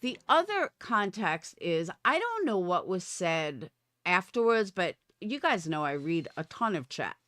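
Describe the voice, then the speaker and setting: A woman streamer rants straight to her chat, swearing hard and pushing back. Her voice sits a little low but swings widely in pitch. The sound is dry and close. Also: very animated, a little slow, a bit bright, no room sound. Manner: profane, combative. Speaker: live streamer. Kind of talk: livestream rant.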